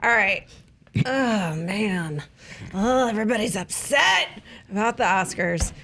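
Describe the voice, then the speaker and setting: A woman's voice: mid-range voice, animated, slow pace, a bit bright, a little hiss or hum. A woman hosting a casual entertainment panel chat, playful and teasing, laughing often. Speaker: show host.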